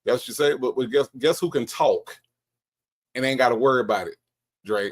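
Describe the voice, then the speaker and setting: A man hosting a livestream, commenting on call recordings in a confrontational, drawn-out manner. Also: mid-range voice. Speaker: livestream host.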